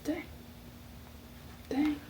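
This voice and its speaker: A woman's voice: very slow, dark tone, a little hiss or hum, poor audio. A young woman vlogger whispering her gasping, gushing reactions to a book late at night before bed. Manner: gasping, gushing, says like a lot.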